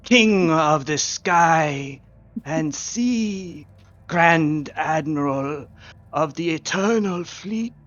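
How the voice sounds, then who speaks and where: A man voicing an ancient mummified male herald who makes slow, grandiose proclamations. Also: on the high side, expressive, a bit bright, voice pushed up, exaggerated voice. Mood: imperious. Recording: dull lo-fi recording.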